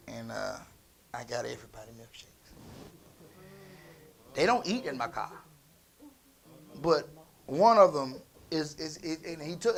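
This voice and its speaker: A man preaching in a church, telling a family story in a conversational way that moves from quiet asides to loud emphasis. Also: sits high. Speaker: pastor. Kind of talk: storytelling sermon.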